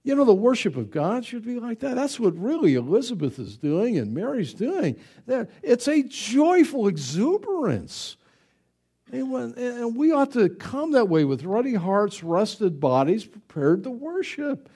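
Husky and very high, the voice of this middle-aged pastor moves at a measured pace through a conversational sermon. He stays exuberant and animated, chatting with the congregation in asides.

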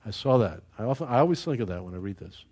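A man's voice: lowish voice, expressive, a little mellow, slightly rough. A man preaching a sermon in a folksy storytelling way, chuckling at his own anecdotes and often restarting his sentences. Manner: halting with repeated restarts.

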